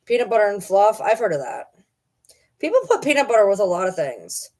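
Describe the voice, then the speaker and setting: A woman's voice: mid-range voice, very animated, brisk, darkish tone. A woman chatting casually with her viewers, rambling and teasing as she talks to her pets in between. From Michigan. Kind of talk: casual chat.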